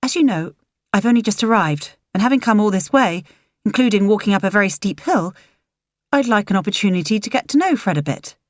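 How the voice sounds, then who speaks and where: A woman's voice: medium pitch, animated, fairly quick, dry recording, pitched above the performer's own voice, lightly acted. Woman doing a polite, determined young woman, lifted tone, dry sound.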